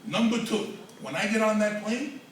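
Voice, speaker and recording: A man's voice: high-pitched, normal speed. A man doing a profane, self-mocking stand-up comedy set at an open mic. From New York. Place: comedy club open mic, large room. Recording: echoey room from far off with noise.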